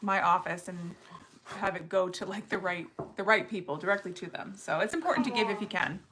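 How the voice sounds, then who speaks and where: A woman's voice: medium pitch, a little fast, heavy background noise. A woman co-hosting a casual livestream, earnest and chatty, coming back to her point again and again. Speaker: livestream co-host.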